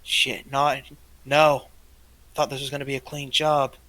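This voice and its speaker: A man voicing a jittery male thief companion who talks quickly and swears under pressure in a tabletop game. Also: mid-range voice, level tone, pushed and bright. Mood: worried.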